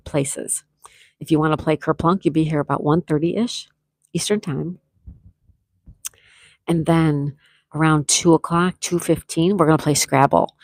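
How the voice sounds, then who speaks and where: A woman hosts a relaxed morning livestream, reading out chat messages and gushing thanks to viewers one after another. Her voice sits fairly low, and the sound is close and dry with little room echo. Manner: effusive, thanks viewers by name, reads chat aloud. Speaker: livestream host. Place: at home with a view, morning tea.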